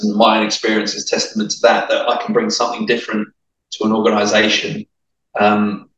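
A man answering interview questions in a reflective, measured way, sometimes repeating words as he thinks. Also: lowish voice. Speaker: interview guest, industry executive. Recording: echoey room, mic held far off.

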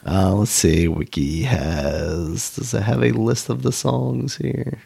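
Low, gravelly laid-back podcast guy. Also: takes it slowly, warm tone. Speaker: podcast co-host. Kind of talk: casual chat.

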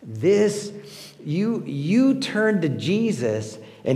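A man preaching a sermon with animated delivery, swinging between loud emphasis and hushed asides. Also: medium pitch, measured pace, in a large hall. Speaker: pastor.

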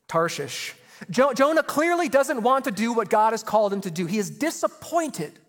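A man preaching a sermon, retelling a story in a casual, animated way with slang. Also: very high-pitched, brisk, in a large hall. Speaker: pastor.

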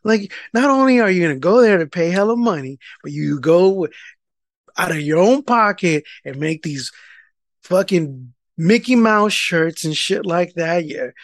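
A man with a high, light voice tells a casual story, swearing freely and loudly acting out the people in it. The sound is dry and close, with no room echo. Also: measured pace. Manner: animated, profane, rant-like, acts out quoted people loudly. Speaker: podcast co-host telling a story. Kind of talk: casual profane storytelling chat.

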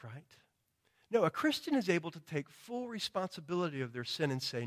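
A pastor preaching with an emphatic, questioning rhythm and a fairly high voice for a man. He keeps asking his listeners "right?" and acts out quoted prayers and excuses in a higher tone. A chesty cough shows through now and then. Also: very animated, fairly quick. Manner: emphatic, rhetorical, often asks "right?"; acts out quoted confessions in a raised pitch. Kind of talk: sermon.

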